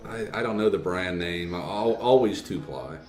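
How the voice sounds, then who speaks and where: A man on a casual podcast, halting and sleepy-sounding. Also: low voice, animated, echoey room, soft background music. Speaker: podcast co-host. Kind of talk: casual chat.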